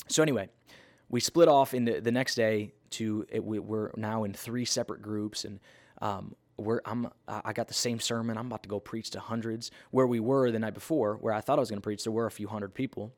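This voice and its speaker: A man telling a personal story in a sermon, animated and conversational, with many fillers and restarts. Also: medium pitch, brisk. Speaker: preacher.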